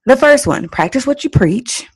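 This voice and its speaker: A woman hosting a parenting podcast, giving advice in an animated, teacherly way and laughing at her own stories. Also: high voice, moderate pace, breathy edge. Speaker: parenting coach and podcast host. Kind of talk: solo podcast advice talk.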